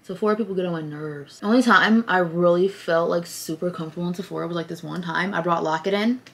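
Chatty young woman vlogger, low voice. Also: quick pace, creaky. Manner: candid, chatty, filler-heavy with frequent "like". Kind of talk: casual storytime chat. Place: indoors at home. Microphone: phone camera at close range.

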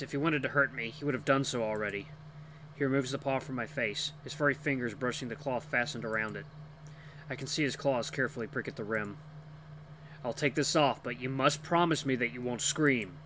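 Man narrating with a bright voice. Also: medium pitch, a little hiss or hum. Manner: expressive reading, occasional slips. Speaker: gaming channel host. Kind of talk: reading a visual novel aloud.

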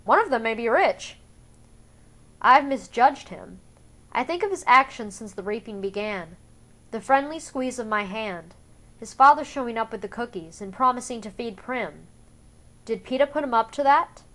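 A woman reading a first-person novel aloud for a fan-made audiobook, in a measured, subdued way. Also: fairly high pitch, animated, a bit bright. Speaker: audiobook reader.

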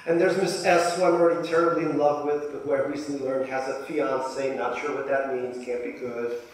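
A man's voice: medium pitch, level tone, a little fast, far from the mic. Man reading a memoir in an echoey hall. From Soviet Union. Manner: dry, self-deprecating humor. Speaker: author. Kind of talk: reading a memoir aloud to a live audience. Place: large lecture hall.

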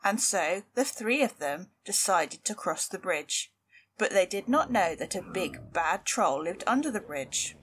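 Lady reading a kids' story out loud, lowish voice, animated. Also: unhurried, slight background noise. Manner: lively, expressive storytelling. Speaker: library storyteller. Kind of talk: storybook read-aloud.

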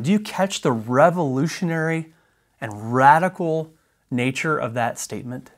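Preacher, male, mid-range voice; measured, emphatic sermon delivery, slowing on key phrases. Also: mid-range voice, lively intonation. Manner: emphatic, deliberate teaching with slowed key phrases. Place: church.

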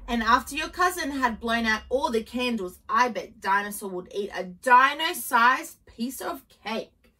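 A woman reading a children's picture book aloud, in a gentle, expressive storytelling manner. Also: a little high, unhurried, distant mic, low-quality recording.

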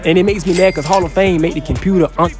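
A young man giving casual, excitable gameplay commentary, trash-talking and breaking into loud yells. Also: sits high, quick pace, over music. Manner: excitable trash talk, bursts into yelling. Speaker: gaming YouTuber.

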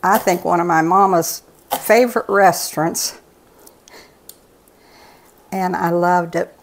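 A low, gravelly older woman chats in a folksy, rambling way as she makes a dish, drifting into stories between steps. Her voice is rough with fry and sits on the low side. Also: fairly even intonation, slow pace, a little hiss or hum. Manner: rambling, folksy, chatty asides. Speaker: cooking show regular, host's mother. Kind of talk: casual storytelling while cooking.

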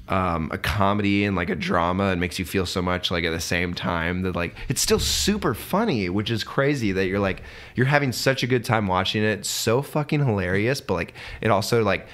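A man's voice: lowish voice, a bit bright. A young man co-hosting a movie podcast, joking and swearing in casual chat with friends. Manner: profane, joking, laughs often. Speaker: podcast co-host.

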